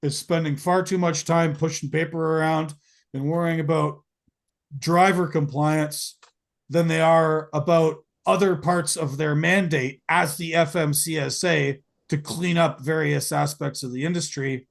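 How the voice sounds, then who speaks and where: A man's voice: a little high, fairly even intonation, unhurried, creaky. A man hosting a podcast, talking casually in long, rambling runs full of fillers and restarts. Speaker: podcast host.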